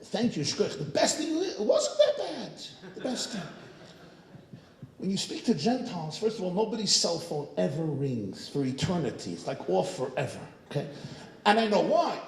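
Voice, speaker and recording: A man, a rabbi, telling a humorous story to a synagogue audience, animated and joking, with frequent asides to the crowd. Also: on the high side, echoey room, poor audio. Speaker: rabbi, guest speaker. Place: synagogue hall.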